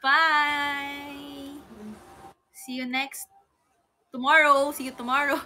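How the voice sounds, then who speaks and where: A woman's voice: high-pitched, steady tone, slow, sharp tone. A young Filipino woman with a Filipino accent, chatting casually and playfully on a livestream and reading out viewers' names. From Philippines. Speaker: idol livestreamer. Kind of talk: casual livestream chat, mixing Tagalog and English.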